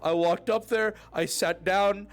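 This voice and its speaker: High-voiced man telling a rowdy story. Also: steady tone, unhurried, clean tone, soft background music. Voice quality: swears freely, gets loud and high when quoting. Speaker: roleplay streamer recapping his character's night. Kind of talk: profane animated storytelling.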